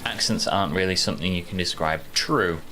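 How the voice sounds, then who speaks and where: Against a noisy background, a gaming streamer talks briskly in a low voice. He's from Yorkshire, England, and has a mild accent from there. He plays a video game while rambling through replies to chat and muttering over the action.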